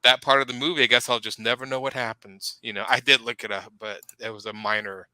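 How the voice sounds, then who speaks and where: A man's voice: mid-range voice, steady tone, fast, pushed and bright, smooth, no room sound, rough recording. A man on a video call, a comics show panelist, talking in casual chat, rambling and trailing off.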